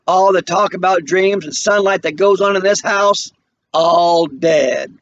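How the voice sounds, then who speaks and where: A man reading a play aloud, voicing a sharp-tongued, scornful young woman with cutting retorts. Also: sits high, measured pace, dull audio, slight background noise, voice pushed up. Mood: bitter.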